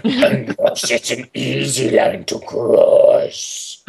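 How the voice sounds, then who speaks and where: A man voicing a gruff male ogre who reads out stern advice in a lecturing way. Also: medium pitch, big pitch swings, darkish tone, exaggerated voice. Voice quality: gravelly, slow. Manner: reads aloud sternly, lecturing, stifling laughter. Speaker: podcast co-host. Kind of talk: comedic reading of an online post.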